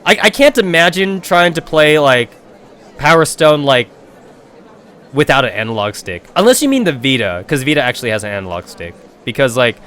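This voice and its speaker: A man's voice: mid-range voice, a bit bright. A young adult man streaming a game and telling a rambling, profane story in a casual way.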